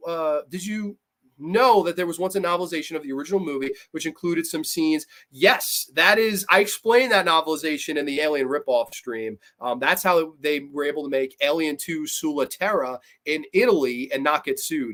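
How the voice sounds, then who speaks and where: A young man hosting a livestream film review, reading chat comments and ranking films in blunt, profane, animated talk. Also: a little high, moderate pace. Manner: blunt, profane, animated, laughs often, mocks characters in put-on voices. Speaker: host.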